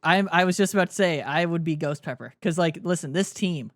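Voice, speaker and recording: Dry-sounding laughing podcast host. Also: male voice, a little high, fairly quick, a bit bright, no room sound. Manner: laughs often, loose and joking. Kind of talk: casual sports chat.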